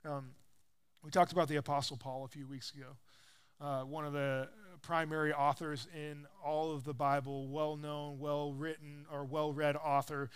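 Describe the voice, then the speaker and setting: A man in his thirties, a pastor giving a casual, conversational sermon, animated and acting out quotes as he tells stories. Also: normal speed, clean tone. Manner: animated storyteller, acts out quotes with rising pitch and volume.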